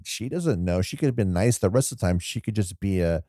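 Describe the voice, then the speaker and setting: A man co-hosting a casual film discussion podcast, retelling scenes in a rambling, animated way and acting out quoted lines. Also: low voice, a little fast, no echo, clean studio sound. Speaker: podcast co-host.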